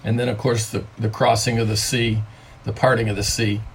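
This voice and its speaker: An older man, a grandfather, giving a conversational devotional talk from home, stressing key words by slowing down on them. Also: fairly low pitch, level tone, a little hiss or hum. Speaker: pastor.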